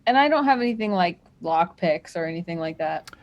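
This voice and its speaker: A woman's voice: lowish voice, animated, a little fast, lo-fi sound. A woman playing a tabletop game, casually thinking aloud about her moves. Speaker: player.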